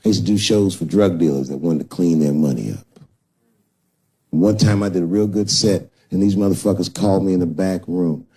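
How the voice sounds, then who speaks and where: A man's voice: low-pitched, brisk, dark tone, slightly rough. A middle-aged man performing a profane stand-up comedy set on stage, telling stories and acting out other people's voices. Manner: profane storytelling, acts out voices. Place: stage before a live audience. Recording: live show with audience noise.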